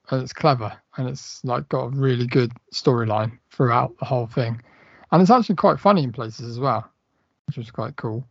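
A man's voice: medium pitch, no room sound, muffled recording. A man co-hosting a casual podcast chat, rambling with lots of fillers and swearing. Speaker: podcast co-host.

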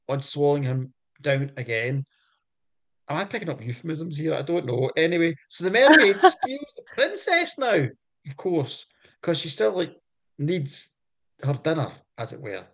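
A man, co-hosting a podcast and retelling folk tales in a playful, animated way with jokey asides. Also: on the high side, moderate pace. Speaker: podcast co-host. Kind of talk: comic storytelling chat.

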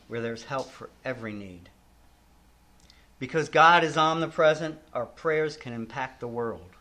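Older guy giving a sermon, bright slightly high voice, earnest and reflective. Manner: earnest, reflective, with repeated restarts and falling line endings. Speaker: preacher.

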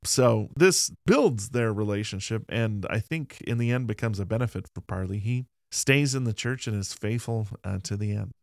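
A man's voice: lowish voice, normal speed, creaky, few pauses, darkish tone, dry recording, studio quality. A man co-hosting a conversational podcast, earnestly retelling history and reading old quotes in his plain voice. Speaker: podcast co-host. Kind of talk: casual conversational history discussion.

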